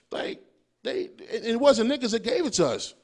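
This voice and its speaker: A man's voice: extremely high pitch, unhurried, gravelly, slightly rough. A young adult man hosting a podcast, delivering a profane, casual monologue full of rhetorical questions. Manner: animated, swearing freely, riffing with rhetorical questions. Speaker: podcast host.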